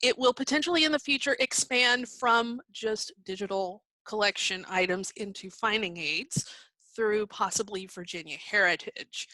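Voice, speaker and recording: A woman's voice: mid-range voice, sharp tone, no room sound, rough recording. A woman giving a virtual conference presentation while sharing her screen, explaining in a conversational way with some fillers and restarts, and she has the hiccups. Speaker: library presenter.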